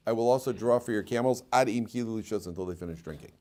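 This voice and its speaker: A man, a rabbi teaching a lively class and telling stories, laughing often and repeating himself. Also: lowish voice, fast.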